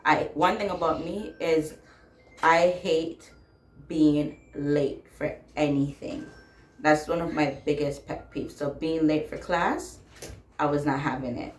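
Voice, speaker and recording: A woman's voice: deep voice, fairly even intonation, takes it slowly, echoey room. A young woman casually telling a personal story, blunt and sassy, swearing freely and laughing as she talks.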